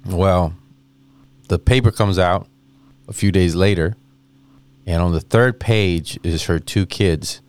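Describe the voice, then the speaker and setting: A man in his thirties, a comedian guest, telling a rambling, animated story and acting out the voices of people in it. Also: low-pitched, slow, long pauses, smooth, no echo. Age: 30s. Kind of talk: casual storytelling anecdote.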